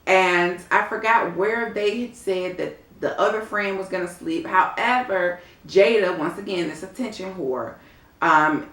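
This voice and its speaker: A woman casually reviewing a reality TV episode, animated and sassy, talking straight to her viewers. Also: lowish voice. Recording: roomy echo.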